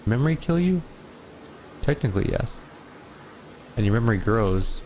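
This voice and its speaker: A man's voice: mid-range voice, expressive, moderate pace, darkish tone, slight background noise. A man hosting a video game playthrough, thinking aloud in a casual way and chuckling now and then. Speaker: let's play host. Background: game music.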